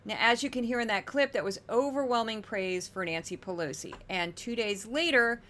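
Bright-voiced woman podcast host. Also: a little high, moderate pace, a little hiss or hum. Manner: wry, chatty, animated asides. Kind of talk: casual commentary.

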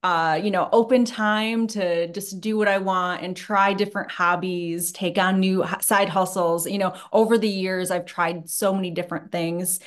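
A woman's voice: fairly low pitch, fairly even intonation, normal speed, few pauses. A woman who is a guest on a podcast, talking modestly and chattily with many fillers. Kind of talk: casual interview chat.

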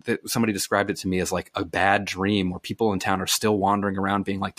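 A man, an author and podcast guest, telling stories in an animated way with quick asides and restarts. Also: low-pitched, dry recording, clean studio sound. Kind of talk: conversational podcast interview.

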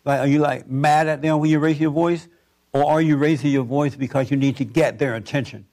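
Gravelly-voiced man gently probing. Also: fairly high pitch, steady tone, a little fast. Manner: gently probing, joking, repeats answers back. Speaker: counselor interviewing a guest. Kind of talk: probing one-on-one conversation.

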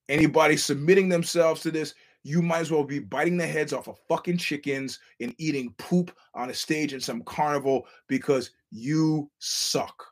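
A man hosting a solo podcast, ranting bluntly and swearing often. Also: fairly high pitch. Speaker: podcast host.

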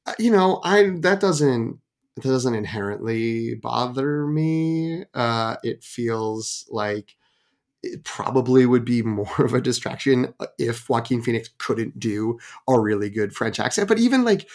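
A man's voice: medium pitch, expressive, unhurried. A man co-hosting a film podcast, chatting casually and rambling with restarts and fillers. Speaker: podcast co-host.

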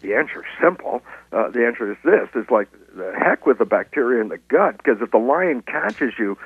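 A man speaking as a guest scientist in an interview, explaining in a lively lecturing way with stories and frequent restarts. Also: mid-range voice, a little fast, slightly rough, no room sound. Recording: tinny phone-line sound.

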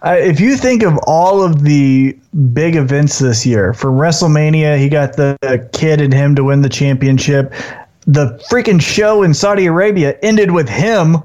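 A man with a slightly high voice, chatting about wrestling in an animated way. Now and then he slips into quick put-on voices for the wrestlers. The recording is muffled and lo-fi. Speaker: podcast co-host. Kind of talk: casual wrestling chat. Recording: dull lo-fi sound.

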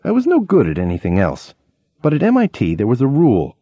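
A man narrating a memoir audiobook in a lively storytelling way, acting out quoted lines. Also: mid-range voice, brisk, slightly rough, no room sound. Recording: dull lo-fi audiobook recording.

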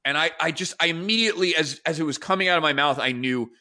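Bright-voiced man telling casual stories. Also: on the high side, quick pace. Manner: rambling, animated storyteller with many fillers and restarts. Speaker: podcast host. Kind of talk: casual storytelling chat.

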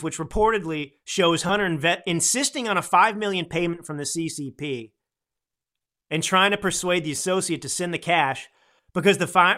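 A man hosting a political talk podcast, talking close to the mic with a bright, forward edge. His voice sits somewhat high for a man. He rambles and swings from near-shouting to a near whisper. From United States. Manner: animated, rambling, swings between loud and soft. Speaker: podcast host. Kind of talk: political commentary monologue. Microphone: close studio microphone.

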